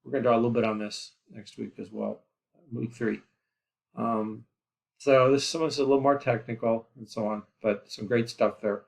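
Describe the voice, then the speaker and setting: A man's voice: mid-range voice, steady tone, moderate pace, vocal fry, a little mellow. A man teaching a geography class in a recorded lecture, rambling with lots of fillers and asides. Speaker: geography instructor.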